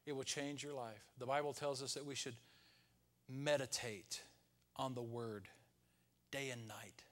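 A pastor preaching a Sunday sermon, rising to loud peaks and dropping to hushed, whispered lines. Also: male voice, medium pitch, fairly even intonation, unhurried.

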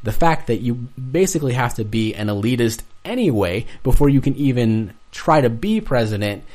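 A young man in a casual podcast discussion, talking in a halting way and restarting often as he searches for words. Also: medium pitch, animated, darkish tone.

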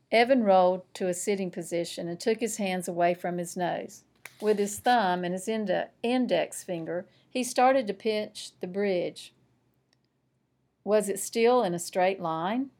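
A woman, a school principal, reading a children's novel aloud with expressive, lively storytelling. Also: on the low side.

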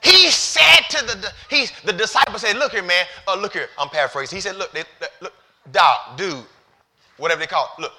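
A male pastor preaching a sermon, moving from hushed, halting storytelling to loud, shouted exhortation. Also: high-pitched, expressive. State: near tears.

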